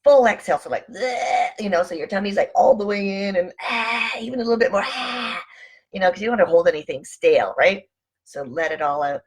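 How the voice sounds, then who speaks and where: A woman vlogger giving casual motivational talk, calmly encouraging listeners to breathe and slow down. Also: lowish voice. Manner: calm, encouraging, coaching listeners through breathing. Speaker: wellness vlogger.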